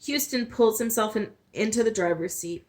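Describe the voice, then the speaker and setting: A woman's voice: on the high side, moderate pace, a little mellow. A woman reading a novel aloud in first person, with small slips and restarts. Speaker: storyteller.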